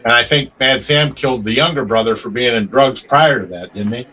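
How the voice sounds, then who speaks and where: A man's voice: mid-range voice, brisk, pushed and bright. A man hosting an interview, chatty, laughing along and asking follow-up questions. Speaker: interviewer, host. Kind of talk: casual interview. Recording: voice distant from the mic.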